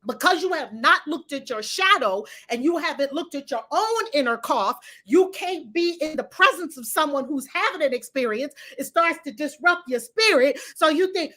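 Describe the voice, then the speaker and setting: A middle-aged woman teaching a spiritual class in a blunt, animated, profane way. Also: high voice, moderate pace, few pauses. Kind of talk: live online spiritual class talk.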